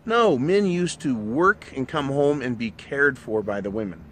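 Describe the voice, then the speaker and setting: A man's voice: medium pitch, lively intonation, unhurried, a bit bright, a little hiss or hum. A middle-aged man hosting his own show, delivering a blunt, profanity-laced monologue in a ranting manner. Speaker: show host. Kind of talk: opinionated monologue.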